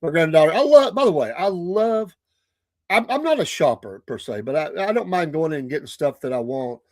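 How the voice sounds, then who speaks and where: A man's voice: on the high side, animated, fairly quick, a little mellow, no echo, studio quality. An older man with a Southern US accent telling a casual story on his morning show, chatty and laughing often.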